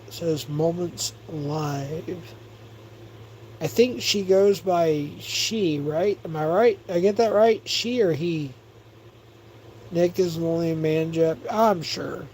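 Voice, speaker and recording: Slow-talking rambling male streamer. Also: on the high side, darkish tone, slight background noise, poor audio. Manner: rambling, profane, gossipy. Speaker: livestream host. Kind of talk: casual livestream chat, reading chat aloud.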